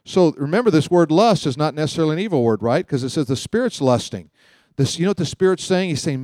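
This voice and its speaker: A man teaching from the Bible in a lively, joking way, telling stories to his class. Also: on the high side, fast, no echo, clean studio sound. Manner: animated, joking, storytelling. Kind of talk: teaching sermon.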